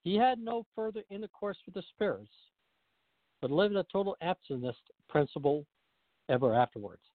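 A man reading a story aloud with a lively, swooping pitch that keeps the narration moving. His voice comes through a narrow, tinny phone line, close and dry. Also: moderate pace, no room sound. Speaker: radio show host reading aloud.

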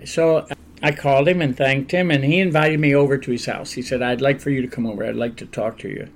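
An older man, a pastor, telling stories in a relaxed, conversational interview and laughing often along the way. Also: mid-range voice, fairly quick. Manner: animated anecdotal storyteller, laughs often.

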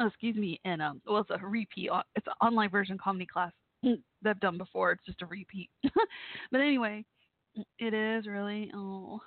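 A woman's voice: medium pitch, moderate pace, no room sound. Texas woman, call-in host, rambling casual chat, dry tinny phone sound. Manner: rambling, chatty, laughs often. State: worried, holding back tears.

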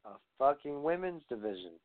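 A man's voice: fairly high pitch, very animated, a little fast, no room sound. A man giving a rambling, profane rant as a wrestling commentator, sounding exasperated. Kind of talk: ranting podcast commentary. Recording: dry tinny phone-like audio.

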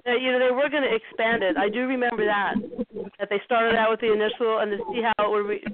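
A woman's voice: on the high side, steady tone, fast, slight background noise. A middle-aged woman guest on a casual phone interview, friendly and searching her memory, often repeating words as she recalls details. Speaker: guest, former toy designer. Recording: tinny phone line.

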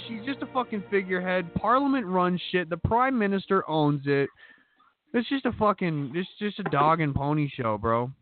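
A man co-hosting a podcast, ranting crudely. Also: phone-quality sound. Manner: crude ranting, swinging pitch. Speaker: podcast co-host. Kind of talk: casual podcast banter.

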